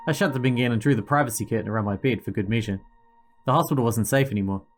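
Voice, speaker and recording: A man's voice: medium pitch, rapid-fire, faint music behind. Man reading a story game aloud. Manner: casual, jokey asides. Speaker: gaming channel host.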